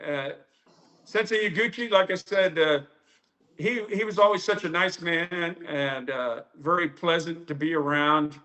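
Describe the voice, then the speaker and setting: A man's voice: fairly high pitch, measured pace, bright, forceful tone. Chatty man telling karate stories. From United States. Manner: anecdotal, many fillers, acts out quotes. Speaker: karate instructor. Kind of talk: storytelling interview.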